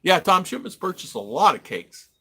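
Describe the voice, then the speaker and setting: Rambling middle-aged American livestream host. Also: male voice, high-pitched, very animated, normal speed, pushed and bright, slightly rough. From United States. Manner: rambling, reads viewer comments aloud. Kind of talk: casual live-stream chat.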